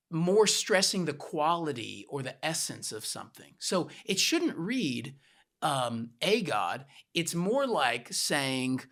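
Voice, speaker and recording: A man's voice: on the high side, fairly bright tone. A man co-hosting a podcast, patiently teaching a point with plain everyday examples. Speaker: podcast co-host.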